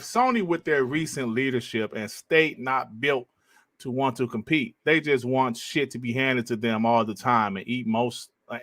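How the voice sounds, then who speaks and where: Relaxed male host, swears freely, dry sound. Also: mid-range voice, dry recording. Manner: loose and profane, calls others bro. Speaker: podcast host. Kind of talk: casual chat.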